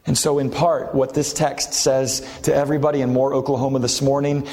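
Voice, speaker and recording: A man's voice: medium pitch, darkish tone. A man preaching a sermon as a pastor, earnest and building to impassioned emphasis. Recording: long hall reverb.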